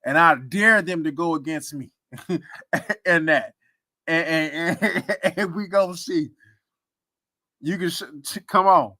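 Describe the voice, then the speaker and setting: A man's voice: fairly high pitch, slow, pauses often, sharp tone, no room sound. A man hosting a casual sports talk stream, teasing and laughing often. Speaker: sports commentary host.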